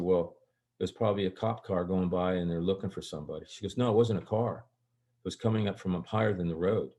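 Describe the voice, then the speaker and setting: An older man with a fairly low voice tells stories as an interview guest. He rambles and restarts sentences as he goes. When he acts out what people said, his voice jumps sharply higher and gets livelier. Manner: rambling, animated, jumps high for quoted lines. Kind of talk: casual storytelling.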